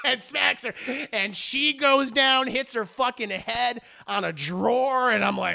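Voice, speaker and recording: A man recaps a movie as an animated, profane storyteller. His voice is high and bright, with a gravelly fry. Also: slow. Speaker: movie reviewer.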